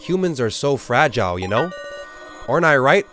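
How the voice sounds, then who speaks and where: A man voicing a cruel male doll from a game with a slow, low drawl. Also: sing-song, fairly bright tone, soft background music. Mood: taunting.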